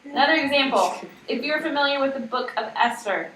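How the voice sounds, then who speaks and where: A woman teaches a class in a high, expressive, fairly bright voice, speaking a little fast and casually with many fillers. The lecture is recorded in an echoey room on a distant mic, with lots of noise.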